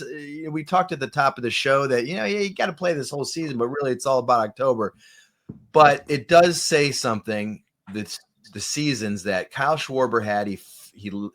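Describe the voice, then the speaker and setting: A man hosting a casual sports podcast, chatty and quick to laugh. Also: mid-range voice, a bit bright. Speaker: host.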